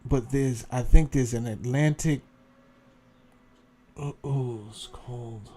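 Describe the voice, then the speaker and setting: A man's voice: medium pitch, takes it slowly, dark tone, slight background noise. A man hosting a casual commentary, rambling and interrupting himself as he looks things up. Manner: rambling, self-interrupting, thinking aloud. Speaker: host. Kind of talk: casual commentary while browsing clips.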